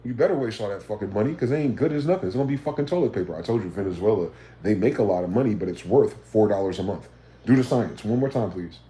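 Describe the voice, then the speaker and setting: A man rants on a livestream, swearing freely and pressing listeners with combative rhetorical questions. His voice sits in a mid range with a dark, mellow tone, and his room gives it a noticeable echo. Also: fairly low pitch, expressive, fast. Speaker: livestream host. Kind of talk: ranting livestream monologue.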